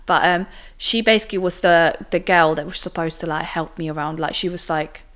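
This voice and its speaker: A woman's voice: fairly low pitch, fairly quick, a bit bright. A young woman from Italy, telling her story as a podcast guest in a chatty way, full of fillers. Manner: chatty, many fillers and acted quotes. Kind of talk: casual interview storytelling.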